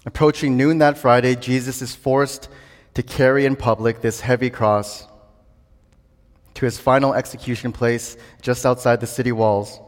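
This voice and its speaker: A male preacher delivers an earnest sermon in a middle-pitched voice. He builds steadily toward emphatic, ringing declarations. A long hall reverb trails his words. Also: fairly even intonation, moderate pace.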